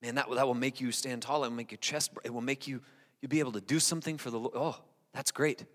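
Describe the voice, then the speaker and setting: A man's voice: mid-range voice, fast talker. Man preaching in a big echoing hall. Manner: lively, talks straight to the congregation, restarts and repeats words. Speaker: pastor. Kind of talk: conversational sermon. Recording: long reverb in a large hall.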